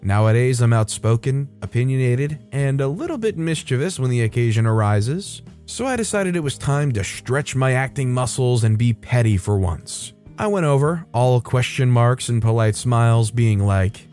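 A man's voice: mid-range voice, lively intonation, moderate pace, few pauses, darkish tone, faint music behind. A man hosting a storytelling show, reading a story aloud and raising his voice to act out the quoted lines. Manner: reads quoted lines in a raised, acted-out voice. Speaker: host reading online stories. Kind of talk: scripted storytelling narration.

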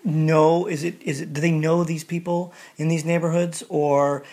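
A woman interviewing someone, asking calm, probing questions and sometimes searching for her words. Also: low voice, moderate pace. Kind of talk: conversational interview.

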